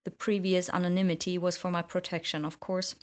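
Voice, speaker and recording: A woman's voice: fairly low pitch, little pitch movement, brisk, darkish tone, natural voice. A woman reading the lines of a cool, sardonic young male wizard in an audiobook.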